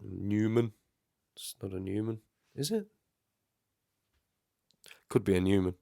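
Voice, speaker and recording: A man's voice: lowish voice, slow pace, vocal fry, dark tone, no echo, studio quality. A man with a blocked nose, getting over the flu, giving rambling casual commentary while reacting to a music video. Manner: chatty, rambling, self-correcting.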